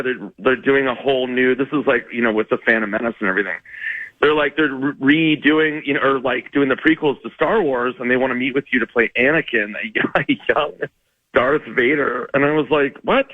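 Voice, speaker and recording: A man telling a funny story as a comedian guest on a radio show, rambling, self-mocking, with quick laughs. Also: medium pitch, no room sound, phone-quality sound.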